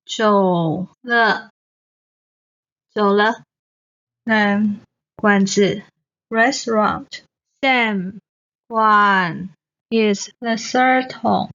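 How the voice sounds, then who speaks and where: Slow, careful woman teaching Mandarin tones. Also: a little high. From Taiwan. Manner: measured, careful enunciation of example words. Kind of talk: slow scripted lesson narration. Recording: dull lo-fi recording.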